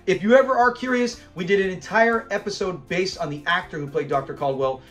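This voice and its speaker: A man hosting a fan channel, giving a casual, animated recap of a classic sitcom episode and acting out lines as he goes. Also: high voice, fairly quick, faint music behind. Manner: animated, retells scenes while acting out lines and laughing.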